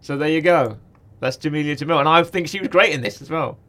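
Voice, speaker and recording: A man's voice: fairly high pitch, quick pace, fairly bright tone. A man co-hosting a podcast, chatting casually about a cartoon series, rambling, correcting himself and laughing often. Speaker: podcast co-host.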